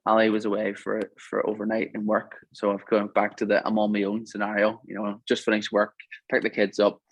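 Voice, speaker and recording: A man's voice: lowish voice, monotone, fairly quick, no room sound, rough recording. A man talking as a podcast guest, telling a reflective, earnest story in a casual chat.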